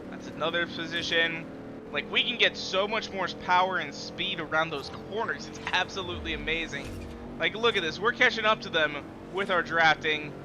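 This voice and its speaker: A man's voice: on the high side, moderate pace. A man giving live, profane commentary on his racing gameplay, trash-talking rivals as he drives. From United States. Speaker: streamer. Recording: loud game engine noise underneath. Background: racing game car engines.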